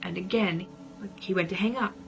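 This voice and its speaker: A woman vlogger telling a personal story casually, dramatic and at times dropping into hushed whispers. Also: mid-range voice, fairly quick, creaky, dull audio, over music.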